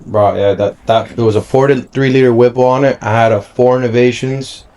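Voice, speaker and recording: A man's voice: mid-range voice, steady tone, moderate pace, darkish tone. A man guesting on a podcast in a car garage, telling stories in an easygoing way. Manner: easygoing storyteller, says "bro" and "man". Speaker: guest, performance shop owner. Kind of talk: casual chat.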